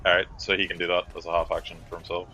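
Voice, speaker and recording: Game master: low-pitched man, bright and forceful tone, casual filler-heavy narration, faint noise. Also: monotone, racing, low-quality recording.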